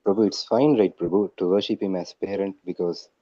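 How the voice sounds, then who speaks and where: A man asking a question in a Q&A session, halting and hesitant, keeps seeking confirmation. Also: low-pitched, fairly even intonation, dark tone, no room sound, lo-fi sound.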